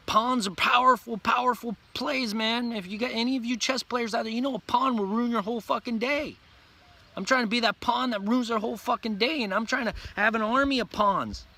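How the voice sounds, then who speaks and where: A man rants to his viewers in an intense, profane vlog monologue, repeating himself and preaching hard. His voice sits high for a man. The tone is bright and forceful. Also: fairly quick. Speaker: vlogger.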